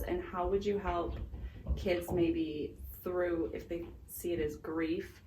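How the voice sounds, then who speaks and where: A woman's voice: on the low side, darkish tone. A woman hosting a conversation about parenting, affirming what her guest says and asking follow-up questions. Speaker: host. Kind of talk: casual conversation. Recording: echoey room with faint noise.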